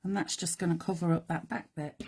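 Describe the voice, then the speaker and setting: A middle-aged woman hosting a live craft demonstration, chatty and self-deprecating, thinking aloud as she works, her voice going croaky. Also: on the low side, steady tone, a little fast, a little mellow. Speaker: craft show host.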